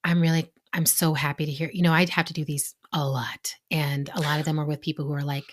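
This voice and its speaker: A woman co-hosting a podcast, telling personal stories in a chatty way with many "like"s and quick laughs. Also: sits low, flat delivery. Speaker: podcast co-host. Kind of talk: casual chat.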